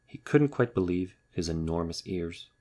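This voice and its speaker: A man reading a children's storybook aloud in a wry, lively storytelling manner. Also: low-pitched, moderate pace. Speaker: narrator.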